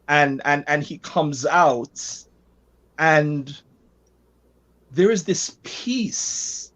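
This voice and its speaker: A man with a middle-pitched voice tells a story from his own life. He is an animated, self-deprecating storyteller and speaks as a pastor who is a guest in a conversation. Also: dull audio.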